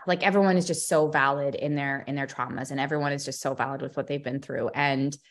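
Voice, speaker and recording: A young woman talking as a podcast guest, expressive and a bit scattered, often restarting her sentences. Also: extremely low pitch, a little fast. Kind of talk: emotional personal conversation.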